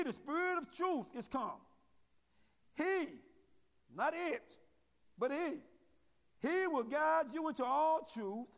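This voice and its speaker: Preacher guy, really high voice, reads verses slow and punchy, big echoey church sound. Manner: reads scripture slowly and emphatically, checks in with the congregation. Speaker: pastor. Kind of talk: sermon.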